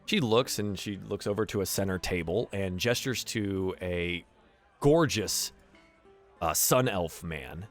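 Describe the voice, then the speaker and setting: A man's voice: sits low, animated, measured pace, soft background music. A man running a tabletop game as game master, narrating casually with plenty of fillers.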